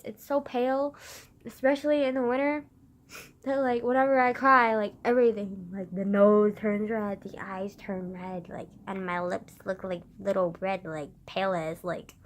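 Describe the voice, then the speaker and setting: A young woman vlogging into her phone camera, tearful after crying, laughing through it and swearing casually. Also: on the high side. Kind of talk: emotional confessional vlog.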